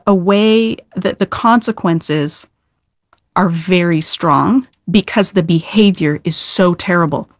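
A woman's voice: medium pitch, no room sound, studio quality. A middle-aged woman Old Testament scholar being interviewed, explaining scripture earnestly with emphatic stress and frequent restarts.

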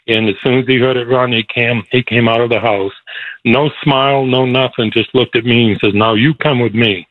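A man's voice: medium pitch, no echo. A man telling a personal story as a phone-in guest, chuckling as he goes and moved at times. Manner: chuckling storyteller, gets emotional. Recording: tinny dry phone line.

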